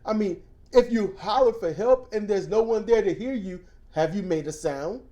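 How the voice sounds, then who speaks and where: A man co-hosting a casual discussion, telling stories in an animated way and breaking into loud mocking quotes. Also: high-pitched, moderate pace, dull audio. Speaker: podcast co-host.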